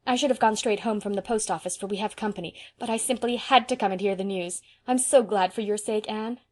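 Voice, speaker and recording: A woman reading an audiobook, voicing a lively young woman who chatters eagerly and proudly. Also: mid-range voice, brisk, lightly acted. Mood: jubilant. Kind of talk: audiobook character voice.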